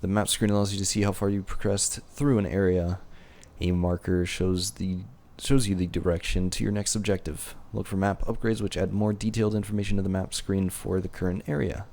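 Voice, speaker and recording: A man's voice: low voice, little pitch movement, brisk, few pauses, a little mellow. A man giving casual, chatty commentary while playing a game, reading the on-screen text aloud and laughing at himself. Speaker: gaming video host.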